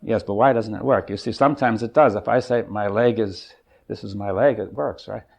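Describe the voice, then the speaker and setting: An older man leading a seminar, thinking aloud in a halting, searching way and often checking in with his listeners. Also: on the low side, steady tone, vocal fry, slightly rough, highs cut off. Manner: thoughtful, halting, often checks in with "right?" and "you see". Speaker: seminar leader. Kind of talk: exploratory seminar talk. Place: seminar room.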